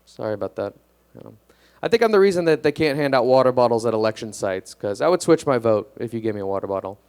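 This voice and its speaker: A young man doing a stand-up comedy set on a club stage, deadpan and self-deprecating, hesitant with fillers. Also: medium pitch, quick pace, clean tone.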